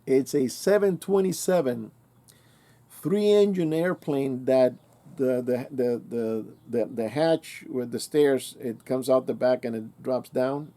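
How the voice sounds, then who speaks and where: Older man, 60s, mellow and relaxed tone; casual rambling storyteller who restarts his sentences. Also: mid-range voice, slow. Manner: rambling, self-correcting, colloquial. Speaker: channel host.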